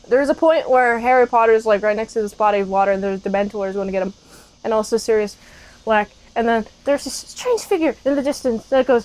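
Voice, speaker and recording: High-voiced woman doing a playful movie recap. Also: fairly even intonation, normal speed, a little mellow, low-quality recording. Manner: playful and jokey, acts out characters; chatty with frequent fillers. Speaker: movie reviewer.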